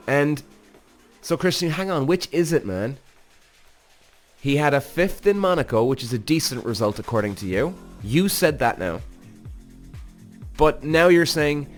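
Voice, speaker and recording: Swearing, animated podcast host. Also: male voice, medium pitch. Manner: animated, swears freely, talks straight to the audience as "guys". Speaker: podcast host, former racing driver. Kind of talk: casual reaction commentary.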